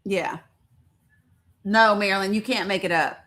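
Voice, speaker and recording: A woman's voice: mid-range voice, fairly even intonation, unhurried, a bit bright. Woman chatting live to her viewers. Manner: chatty, laughs often, talks straight to viewers. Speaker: livestream host. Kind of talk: casual live-stream chat.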